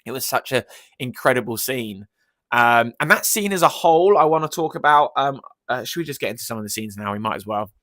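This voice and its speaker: A man's voice: mid-range voice, expressive, a little fast, fairly bright tone, no echo. A man talking through a film in a casual review vlog, enthusiastic and rambling, with many ums and restarts.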